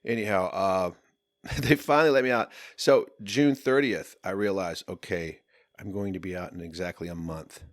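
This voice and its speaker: A man telling a long personal story in casual podcast talk, profane and animated, sometimes shouting as he relives moments. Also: low-pitched, moderate pace, no echo, clean studio sound. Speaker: podcast guest.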